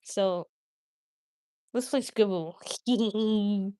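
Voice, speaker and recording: Woman streamer, casual and giggly, unhurried delivery, dry close sound. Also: mid-range voice, mellow, dry recording. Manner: chatty and giggly, talks straight to viewers. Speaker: livestream host. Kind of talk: casual livestream chat.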